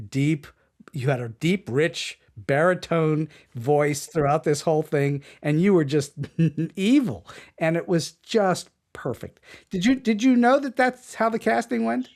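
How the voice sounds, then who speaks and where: A man hosting an interview podcast, telling stories with energy and laughing often. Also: fairly high pitch. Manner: animated storyteller, laughs often. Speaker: podcast host. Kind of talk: casual interview chat.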